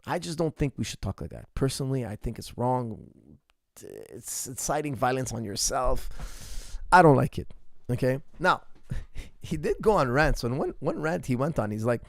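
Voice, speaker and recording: A man's voice: medium pitch, very animated, moderate pace, vocal fry, no room sound, studio quality. A man, a martial arts coach, answers viewer questions in a casual chat. He talks in a rambling, emphatic way and often restarts his sentences. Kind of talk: casual ask-me-anything chat.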